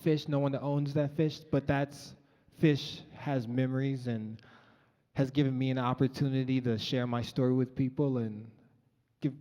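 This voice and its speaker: A man's voice: medium pitch, fairly even intonation, unhurried, warm tone. Earnest young man telling a story on stage. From Colorado. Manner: earnest, conversational, with frequent ums. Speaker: featured storyteller. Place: large event hall, on stage. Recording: dull, echoey live hall recording.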